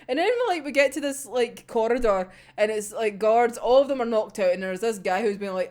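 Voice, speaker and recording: A woman's voice: fairly high pitch, brisk, hardly any pauses, darkish tone. A woman casually recapping an anime episode, giggling often, swearing freely and acting out the characters' lines. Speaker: anime discussion vlogger.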